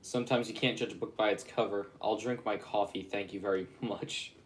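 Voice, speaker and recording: A man's voice: fairly low pitch, fairly even intonation, brisk. A man rambling casually on a livestream, chatting and reacting to viewer comments. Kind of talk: casual live-stream chat.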